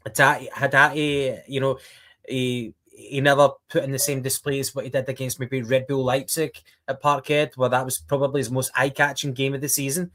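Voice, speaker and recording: A man talks casually on a football podcast. He hesitates with frequent ums and restarts, then gets animated recounting plays. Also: mid-range voice, normal speed. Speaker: podcast co-host.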